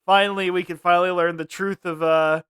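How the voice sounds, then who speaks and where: A man's voice: high voice, level tone, fairly quick, a bit bright, clear, resonant tone, no room sound, studio quality. A young man co-hosting a podcast in casual chat, laughing often and trailing off as he searches for names. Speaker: podcast co-host.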